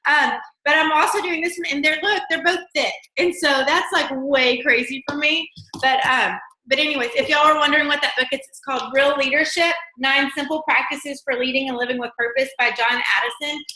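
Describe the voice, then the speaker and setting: Woman host, casual live chat, rambling and upbeat, bright tone. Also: high-pitched, fairly even intonation, echoey room. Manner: bubbly, rambling, quick laughs.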